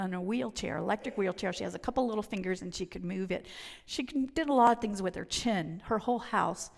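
A woman with a slightly gravelly voice tells a funny personal story about faith, mocking herself and acting out the other people's lines. Her voice rings in a long hall reverb. She moves briskly from laughter to hushed wonder. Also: medium pitch. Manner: lively, self-mocking, acts out voices.

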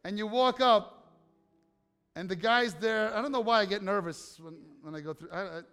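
A man's voice: high voice, moderate pace, bright, forceful tone, clean tone, faint music behind. A man preaching a sermon as pastor, telling stories conversationally and putting questions to the congregation. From United States. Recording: long hall reverb.

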